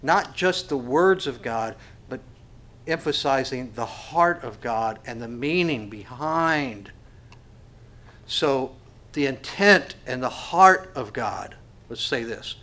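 A man's voice: medium pitch, expressive, a little slow, fairly bright tone. A man preaching a sermon as pastor. He asks the congregation rhetorical questions and often stumbles over repeated words.

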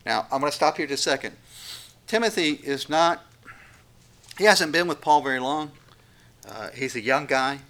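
Male pastor, sermon delivery, earnest and emphatic, bright forceful voice. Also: on the high side, normal speed, pauses often. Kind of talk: expository sermon.

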